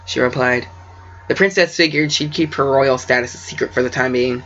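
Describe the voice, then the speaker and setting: A man's voice: medium pitch, fairly quick, a bit bright. A man reading his own story aloud, stumbling over words and breaking off into joking asides. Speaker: amateur story reader. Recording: dull lo-fi recording.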